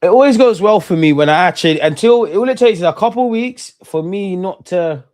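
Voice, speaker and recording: A man's voice: high-pitched, expressive, brisk, a little mellow. A man hosting a live football watch-along stream, chatting loosely and bantering with his viewers in slangy speech.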